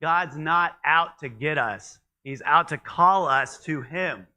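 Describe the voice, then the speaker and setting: A pastor teaches in a church, delivering his sermon in a loose, conversational way and taking it slowly. His voice is very bright, ringing, clean and smooth, and sits a little high for a man. He often stumbles over words but carries on with fillers and restarts.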